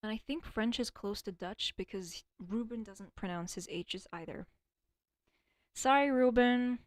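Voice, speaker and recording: A woman's voice: medium pitch, normal speed, dry recording, studio quality. A young woman streaming alone, chatting casually and rambling, swearing often and stuttering at times. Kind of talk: casual livestream chat.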